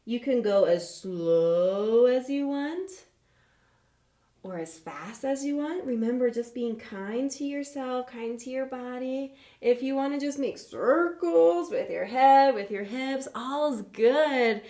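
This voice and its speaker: A woman with a fairly high voice guides a children's yoga class at an unhurried pace. She is gentle and encouraging, with a playful touch. Her voice rings in a roomy space, picked up on a home webcam. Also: lively intonation. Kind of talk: live online yoga class instruction.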